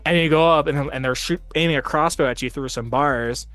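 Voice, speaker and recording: Speaking fairly quickly in a high-leaning, fairly bright voice, a tabletop stream host rambles through long stories peppered with "like." There's no echo, just soft music in the background of the casual gaming chat.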